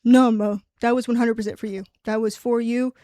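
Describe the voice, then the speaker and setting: A woman voicing a confident young male hockey star who speaks adamantly and smoothly. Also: fairly high pitch, level tone, fairly quick, dark tone, dry recording, studio quality, close to an everyday voice.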